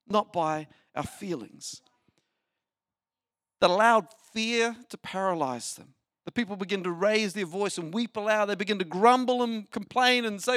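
A man preaching a sermon as pastor, animated, asking the listeners rhetorical questions. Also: high-pitched, no echo, clean studio sound. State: short on sleep.

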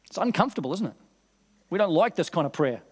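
Male pastor, high voice, earnest conversational sermon delivery, reverberant church hall. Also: very animated, fast talker, slightly rough. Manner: earnest, conversational, asks the congregation questions.

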